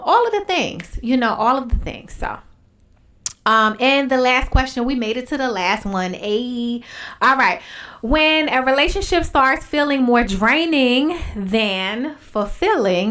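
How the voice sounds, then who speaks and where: A woman's voice: mid-range voice, a bit bright. A woman hosting a podcast, answering listener questions in a candid, emphatic way that turns preachy at times. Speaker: podcast host.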